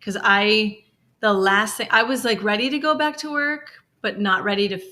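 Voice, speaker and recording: A woman's voice: medium pitch, normal speed, pushed and bright. A woman co-hosting a podcast, talking openly and emotionally in a frank conversational way, with lots of "like". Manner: emotional, open, heavy use of "like"; frank, occasionally swears. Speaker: podcast co-host. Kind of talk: candid conversational podcast talk.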